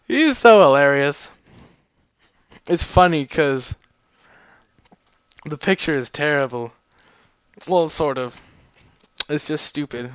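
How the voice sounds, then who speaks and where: A man's voice: a little high, clean tone, dry recording, highs cut off. A man reading fan fiction aloud in a goofy, self-mocking way, joking between chapters. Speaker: amateur audiobook reader.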